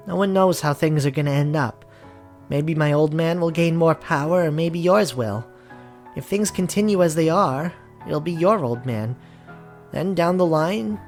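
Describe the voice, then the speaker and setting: A man's voice: a little high, darkish tone. A man voicing an earnest young man, heir to a crime family, recalling childhood in a visual novel reading. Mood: pleading. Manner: earnest storytelling.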